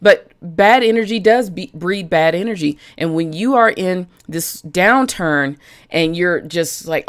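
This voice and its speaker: Lady business coach on a livestream, lower voice, chatty and blunt, says hi to viewers by name. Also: expressive, unhurried. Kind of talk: live-stream talk to viewers.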